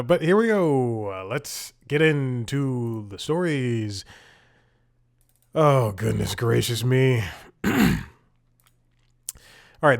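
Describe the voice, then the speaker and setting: A man hosting a comedic podcast, rambling and self-deprecating, laughing often as he talks. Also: mid-range voice. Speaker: podcast host. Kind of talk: casual comedic podcast monologue.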